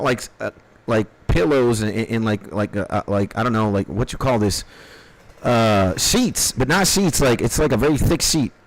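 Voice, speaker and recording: A man's voice: a little high, dry recording. Profane, rambling man telling a story. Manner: profane, laughing, rambling anecdote. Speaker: streamer. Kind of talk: casual storytelling.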